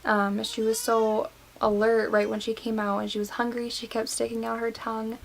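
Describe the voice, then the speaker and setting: A woman's voice: fairly high pitch, completely flat delivery, normal speed, creaky, rough recording. A nineteen-year-old woman vlogging casually to camera, recounting a personal story with lots of fillers, getting teary and emotional. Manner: emotional, many fillers and likes. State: tearful.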